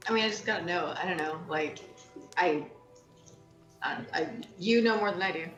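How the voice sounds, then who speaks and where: A woman's voice: lowish voice, moderate pace, fairly bright tone, soft background music. A woman playing a tabletop game, bubbly and rambling, full of "like". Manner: bubbly, rambling with many likes. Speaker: player. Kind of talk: casual tabletop role-play. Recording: roomy, dull lo-fi sound.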